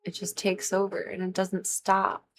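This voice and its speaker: A woman's voice: medium pitch, completely flat delivery, measured pace, a bit bright. A young woman hosting a casual gaming livestream, chatting in a rambling way full of "like", sleepy and a little stuffy-nosed. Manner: rambling, chatty, many "like" fillers. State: sleepy, yawning, stuffy nose. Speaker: livestream host. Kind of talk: casual gaming stream chat.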